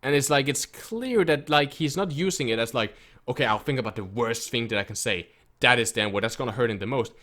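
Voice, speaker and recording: A man's voice: medium pitch, lively intonation, a little fast, a bit bright. A man who coaches an esports team, telling a frustrated story in casual speech and quoting people as he goes. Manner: frustrated, emphatic, quotes others in his retelling. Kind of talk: casual storytelling rant to camera.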